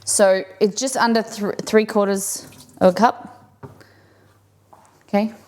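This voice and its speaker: A woman's voice: mid-range voice, fairly even intonation, slow pace, darkish tone, a little hiss or hum. A woman hosting a live cooking stream, chatting casually and thinking aloud as she works in a home kitchen.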